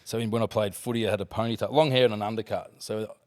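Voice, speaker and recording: A man's voice: on the low side, fast. A man in his forties with an Australian accent, a former footballer telling casual stories as a podcast guest, laughing often and swearing freely. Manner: laughing, swearing, animated anecdotes. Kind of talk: casual storytelling.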